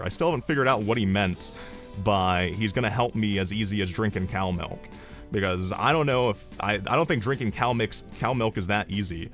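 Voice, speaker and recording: Casting: low-voiced male streamer, rambling comic storyteller, faint music underneath. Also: fairly quick. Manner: rambling, animated, deadpan asides. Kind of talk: comedic storytelling.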